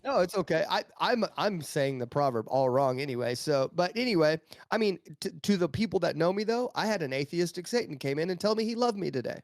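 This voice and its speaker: A man's voice: a little high, brisk, hardly any pauses, no echo, studio quality. A man telling stories as a guest on a casual podcast, with many restarts. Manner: storytelling, animated, many restarts.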